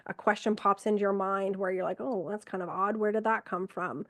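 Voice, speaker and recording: A middle-aged woman, an ER nurse from Canada, telling stories from work in a lively conversational way, acting out what she and others said. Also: medium pitch, a little fast, no echo. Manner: animated, quotes herself and others, frequent fillers. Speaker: ER nurse, podcast guest. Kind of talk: conversational storytelling.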